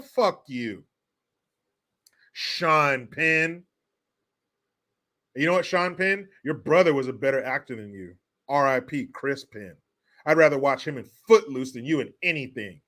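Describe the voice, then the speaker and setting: A man's voice: on the high side, expressive, normal speed, pushed and bright. A middle-aged man hosting a commentary show, ranting angrily and sarcastically with a lot of swearing while he reads out viewer messages.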